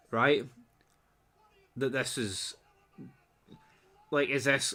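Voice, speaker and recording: A man rattles through a casual TV recap in a bright, forceful voice. He is blunt and sarcastic and swears freely. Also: medium pitch, slow, pauses often. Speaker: TV episode reviewer.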